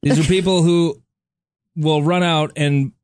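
A man hosting a radio morning show, chatting and joking with a co-host, with frequent "uh" pauses. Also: on the high side, steady tone, a little mellow, no echo, clean studio sound. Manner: chatty, jokey, many "uh" pauses. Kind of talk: casual radio banter. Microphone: studio microphone.

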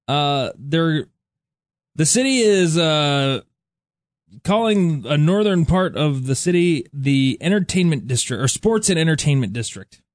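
A man's voice: a little high, expressive, a little slow, no room sound, clean studio sound. A man co-hosting a radio show, joking and rambling with frequent laughs. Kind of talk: casual morning radio chat.

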